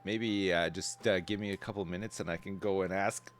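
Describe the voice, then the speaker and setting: A man's voice: low voice, fairly even intonation, a little fast, faint music behind. A man in his thirties chatting casually with viewers as a game streamer, rambling loosely from thought to thought. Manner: rambling, chatty, answers chat, swears casually. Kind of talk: casual live-stream chat while gaming. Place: home streaming setup.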